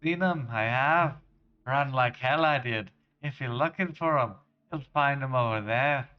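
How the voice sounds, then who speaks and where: A man voicing a tough male fist-fighting trainer in a put-on Scottish accent, with rough, clipped dialect. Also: mid-range voice, a little slow, dull audio, close to an everyday voice. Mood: gruff.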